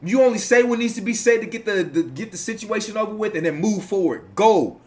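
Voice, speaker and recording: A man's voice: high voice, expressive, fairly quick. A man giving casual reaction commentary, rambling, profane and preachy as he lectures his audience.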